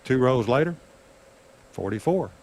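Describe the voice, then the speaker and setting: Older man spinning an animated casino yarn. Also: a little slow. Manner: animated, acts out dialogue with raised pitch. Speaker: guest storyteller on craps livestream. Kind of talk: casual storytelling chat.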